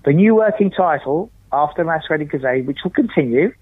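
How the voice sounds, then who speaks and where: A man's voice: a little high, expressive, brisk, husky, no echo. A man chatting as a podcast guest, talking in an emphatic, theatrical, rhetorical way. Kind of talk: casual chat. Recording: tinny phone line.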